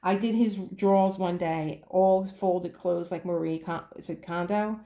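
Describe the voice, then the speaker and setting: Woman, casual storyteller vlogging from home; animated retelling with laughs, room echo audible. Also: lowish voice, a little slow. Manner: chatty, acts out quoted dialogue, laughs often. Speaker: diamond painting vlogger.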